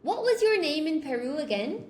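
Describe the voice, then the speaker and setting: A woman's voice: high voice, very animated, normal speed, roomy sound, background noise. An Irish woman teaching English, chatting with students on a video call and asking them questions. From Ireland. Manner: chatty, encouraging, asks questions. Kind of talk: casual conversation class.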